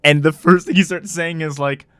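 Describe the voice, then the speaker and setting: A man's voice: a little high, fairly even intonation, normal speed, a bit bright, clear, resonant tone, no echo. A man co-hosting a casual podcast, talking animatedly with frequent laughter and emphatic, preachy jokes. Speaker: podcast co-host.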